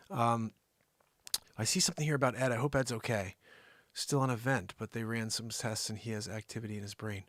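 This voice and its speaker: A man hosting a live daily variety show, rambling through the news with jokes and sudden loud outbursts. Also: mid-range voice, no echo. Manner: rambling, jokey, bursts into mock voices and shouts.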